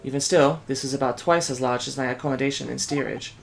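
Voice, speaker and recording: A composed young woman assistant from a game speaks in a hushed, formal way, as a man puts her on. Her voice sits at an ordinary pitch with a slightly gravelly texture. She stays measured and polite. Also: steady tone, faint music behind, natural voice.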